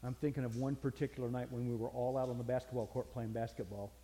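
A man's voice: mid-range voice, little pitch movement, quick pace, dark tone, a little hiss or hum. Folksy older male preacher in a hall. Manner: folksy storytelling, earnest. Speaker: pastor. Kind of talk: sermon.

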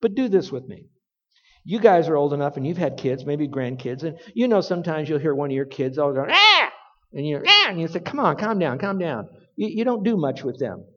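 A man preaching a sermon to a men's group, earnest and plain-spoken, rising to loud emphatic bursts. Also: a little high, lively intonation, fairly quick, big-room sound, lo-fi sound.

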